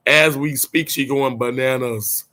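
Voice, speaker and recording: A man from Mississippi, a little hoarse, chatting casually and playfully with livestream viewers from a hotel room, laughing often and drawing words out. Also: medium pitch, steady tone, a little slow, sharp tone. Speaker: livestream host.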